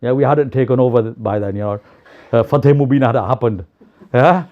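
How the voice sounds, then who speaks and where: A young man gives a storytelling sermon in a mosque, lively and animated, acting out the quotes. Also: mid-range voice, a little fast. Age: young adult. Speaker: preacher. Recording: slightly dull lo-fi recording.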